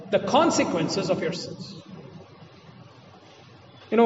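A man's voice: sits high, highs cut off, noisy background. A man preaching a sermon, earnest and repeating key phrases for emphasis. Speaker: pastor. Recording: distant mic in a reverberant hall.

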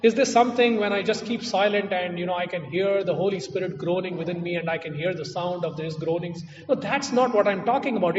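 A man's voice: sits high, darkish tone, slight background noise. A man preaching a sermon in a church, emphatic and repeating his key phrases. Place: church hall. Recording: distant echoey hall, muffled.

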